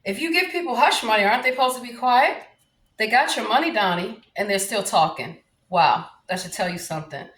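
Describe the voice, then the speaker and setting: A woman's voice: fairly high pitch, animated, a little fast, fairly bright tone. A woman from New Orleans with a Southern accent, ranting to camera in a brash, profane and combative way. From New Orleans, USA. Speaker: vlogger. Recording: roomy echo.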